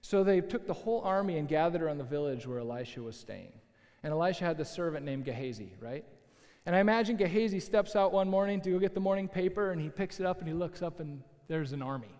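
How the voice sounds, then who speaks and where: Speaking quickly in a voice that runs a little high, a male pastor relates a story during his sermon. His delivery is animated and chatty, peppered with remarks to the congregation, all heard through long hall reverb.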